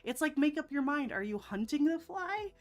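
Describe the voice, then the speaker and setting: A woman's voice: high-pitched, sing-song, normal speed. A woman hosting a casual live stream, chatting to her viewers and laughing often. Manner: giggly, breaks into laughter often; chatty, talks straight to viewers. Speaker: live-stream host painting nails.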